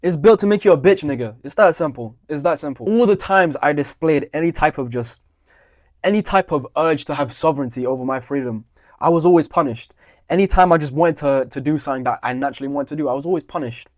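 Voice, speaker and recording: Young man, vlog rant, quick and a bit high, dry sound, swears a lot. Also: a little mellow, no room sound. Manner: profane, heated, blunt. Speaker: vlogger. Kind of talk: ranting storytime monologue.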